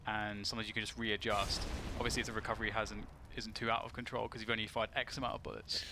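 A man's voice: on the low side, flat delivery, fast talker. A man commentating live on an esports match, rambling with many fillers and restarts. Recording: loud game noise under voice. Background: loud gunfire from the game.

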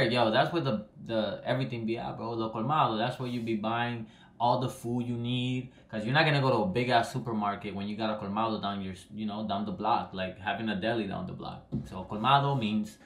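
Talking fairly quickly in a fairly low, slightly bright voice, a young Dominican vlogger rambles through a casual explainer to the camera, his phrases trailing away at the ends. The room sounds echoey.

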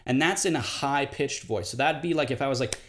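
A man's voice: fairly quick, fairly bright tone, a little hiss or hum. Man giving a casual confidence lecture. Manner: conversational, demonstrates tones by mimicking high-pitched greetings.

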